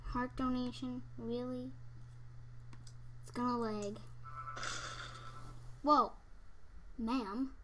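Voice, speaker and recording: A young woman commenting on her own game play, excitable, yelping and squealing at times, then dropping to whispers. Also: a little high, drawn-out words, long pauses, a little hiss or hum. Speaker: gamer.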